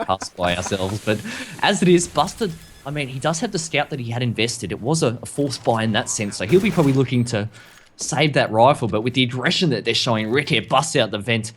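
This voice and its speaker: Fast-talking male esports caster. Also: medium pitch, animated, a little hiss or hum. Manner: quick, chatty and self-deprecating. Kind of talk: esports commentary.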